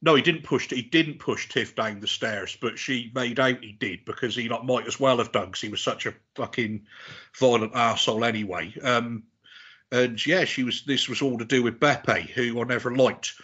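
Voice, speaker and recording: A man in his forties rambling through a long, swear-laden story, restarting his sentences as he goes. His voice is husky. The recording sounds a little dull and lo-fi. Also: mid-range voice, moderate pace, pushed and bright. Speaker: podcast guest. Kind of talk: casual chat.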